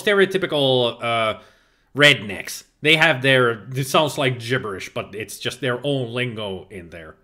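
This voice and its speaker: Finnish guy streaming games, reads chat out loud, voice bounces up and down a lot, kinda highish. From Finland. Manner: chatty, reads viewer chat aloud and answers it; laughs often, playful exclamations. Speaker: game streamer. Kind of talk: casual livestream chat while gaming.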